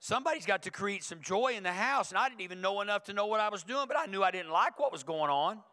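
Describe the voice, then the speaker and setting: A man delivers a sermon from a church pulpit, talking with his congregation in an easy, conversational way. His voice sits fairly high for a man and rings bright and forceful. He presses each point by repeating it. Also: expressive, quick pace, in a large hall. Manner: conversational, emphatic preaching with repetition. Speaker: pastor. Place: church sanctuary.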